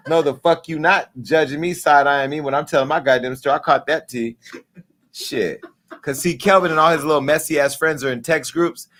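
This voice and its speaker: A man in his forties hosting a live talk show, telling a story in a casual, profane way and acting out the dialogue with lively jumps in pitch. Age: 40s. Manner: animated, acts out quoted dialogue with pitch jumps.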